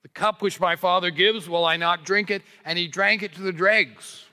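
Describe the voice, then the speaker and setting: Male preacher, sermon delivery, bright and forceful, slightly high, long church reverb. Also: fairly even intonation, clean tone. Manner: earnest, emphatic, slows on key words. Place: church sanctuary.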